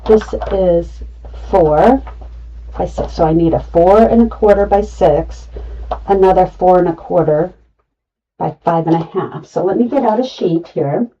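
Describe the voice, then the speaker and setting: A woman's voice: fairly low pitch, a little slow, dark tone, far from the mic, muffled recording, slight background noise. A middle-aged woman running a live craft tutorial, chatty and talking herself through each cut. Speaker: craft demonstrator.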